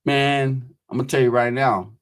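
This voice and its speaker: A man spins a prison story in rough, profane street slang, dropping into the voices of the people in it. His pitch sits at a medium level for a man. He talks in a casual, storytelling way. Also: steady tone, moderate pace. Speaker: host telling prison stories.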